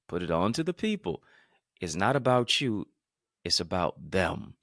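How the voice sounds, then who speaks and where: A man giving an energetic motivational talk to a live-stream audience, emphatic and repetitive, calling on listeners to answer in the chat. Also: sits low, a little slow, dry recording, studio quality. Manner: emphatic and repetitive, punching key phrases; calls on listeners to respond in the chat. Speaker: motivational speaker and podcast host.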